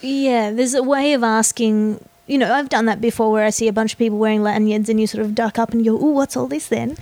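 A woman's voice: on the high side, little pitch movement, quick pace, a little mellow, no room sound. A woman in casual chat sharing a similar experience in a thoughtful, conciliatory way. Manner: reflective, conciliatory.

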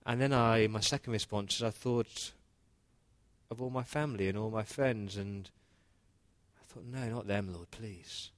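This sermon features a pastor taking on Noah's voice, a humble, earnest older man narrating the flood firsthand with conversational sincerity. He speaks on the low side in a steady, near-everyday tone at a moderate pace, pausing often.

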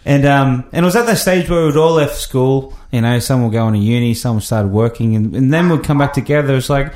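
A man's voice: mid-range voice, fast talker, few pauses, darkish tone, echoey room. A man chatting casually, laughing and acting out quoted lines. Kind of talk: casual storytelling chat.

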